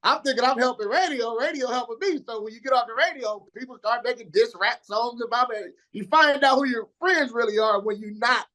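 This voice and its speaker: Slangy, animated storytelling man. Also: very high voice, fairly quick, few pauses. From Indiana, USA. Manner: slangy, animated, acts out quoted people. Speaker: radio DJ guest. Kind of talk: casual storytelling interview.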